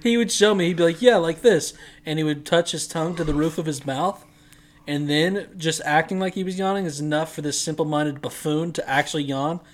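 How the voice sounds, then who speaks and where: A man's voice: on the high side, brisk. A young man co-hosting a casual podcast chat, teasing his friends and laughing through his stories. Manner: teasing, mocking storyteller who laughs mid-sentence. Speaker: podcast co-host.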